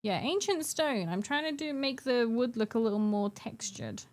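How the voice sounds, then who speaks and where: A woman's voice: fairly high pitch, lively intonation, normal speed. A young adult woman chatting casually with her live-stream chat while painting miniatures, giggling and bantering playfully.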